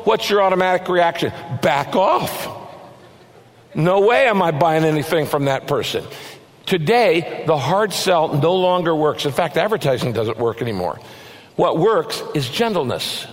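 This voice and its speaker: A male pastor giving a sermon in a large church, earnest and slowing down to stress the verses he reads. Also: fairly high pitch, animated, long reverb tail, faint music behind. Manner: earnest, varies pace, slows to stress scripture.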